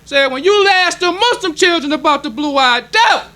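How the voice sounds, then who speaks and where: A man's voice: very high-pitched, lively intonation, normal speed, pushed and bright. A male minister preaching a sermon in an emphatic, conversational way, drawing call-and-response from the congregation.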